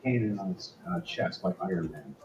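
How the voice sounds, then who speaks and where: A man's voice: deep voice, animated, normal speed, darkish tone, muffled recording. A man running a tabletop game as game master, narrating casually with frequent fillers.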